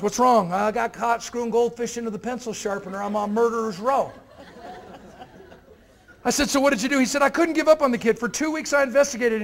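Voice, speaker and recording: A man giving a motivational keynote to university students, telling stories and acting out the characters in them. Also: extremely high pitch. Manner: animated, acts out characters in his stories. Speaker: motivational speaker. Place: university event hall.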